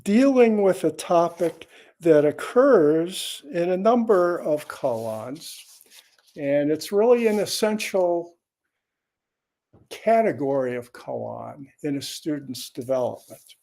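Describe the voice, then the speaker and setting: Gravelly zen teacher guy, slow dharma talk, mellow tone, wry little asides. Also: fairly high pitch, expressive. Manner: unhurried, conversational, with wry asides.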